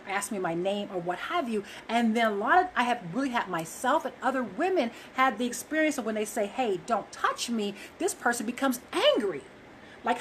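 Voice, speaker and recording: A woman's voice: on the high side, slight background noise, low-quality recording. A woman talking earnestly to viewers about relationships, emphatic and loose, with frequent fillers. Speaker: relationship speaker. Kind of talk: casual monologue to viewers.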